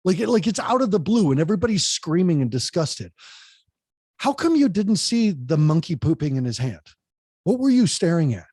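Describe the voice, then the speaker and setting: A man talking fast and with energy as a podcast guest, giving tips on public speaking and addressing the host directly. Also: high-pitched, big pitch swings, a little mellow, husky, dry recording, studio quality. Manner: talks fast and keeps the pace up.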